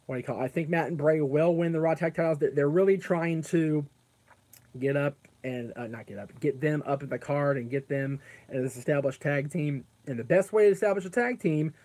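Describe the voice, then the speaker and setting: A man's voice: a little high, fairly quick, a little mellow. A man hosting a casual live stream who rambles, answers chat comments aloud, and often stops to correct himself with plenty of fillers. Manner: frequent fillers and self-corrections.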